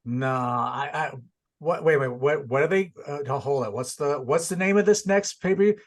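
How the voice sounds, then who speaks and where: A man's voice: a little high, normal speed. Laid-back man hosting a rambling review chat. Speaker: show host.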